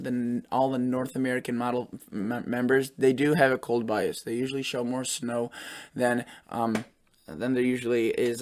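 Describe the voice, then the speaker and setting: A man's voice: mid-range voice, fairly bright tone. Man talking through a weather forecast. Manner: loose and thinking aloud, often correcting himself mid-sentence. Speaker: weather forecaster and channel host. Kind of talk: casual forecast commentary over weather model maps.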